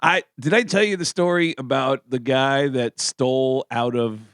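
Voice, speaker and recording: A man co-hosting a radio talk show, telling stories in a lively way and acting out the people he quotes. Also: mid-range voice, moderate pace, smooth, dry recording, studio quality. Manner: animated storyteller acting out quotes in voices. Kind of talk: casual storytelling chat.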